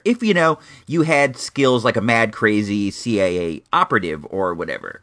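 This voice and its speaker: A man's voice: medium pitch, fairly bright tone. Rambling, chatty male podcast host. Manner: rambling, self-deprecating, chatty. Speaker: podcast host, movie reviewer. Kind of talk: casual podcast review.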